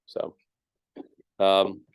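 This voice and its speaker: A man's voice: extremely slow, no echo. A man teaching a math class, explaining each step casually with lots of ums and checks of "right?". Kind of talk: classroom lecture.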